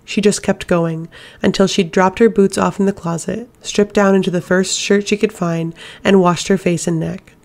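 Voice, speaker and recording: A woman narrating an audiobook in a steady, measured reading voice. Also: medium pitch, creaky. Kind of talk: scripted narration.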